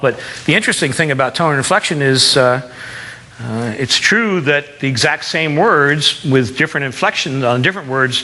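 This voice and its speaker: A man coaching an audience on presenting, talking in a lively, conversational way and stressing words to make his points. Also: mid-range voice, in a large hall. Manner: animated, conversational, demonstrates with emphasis. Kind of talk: live seminar talk.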